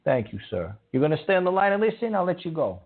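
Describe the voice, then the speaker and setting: Gravelly talk-radio host on a tinny line. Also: male voice, a little high, sing-song, quick pace. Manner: emphatic, repetitive, scolding. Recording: tinny phone-like audio.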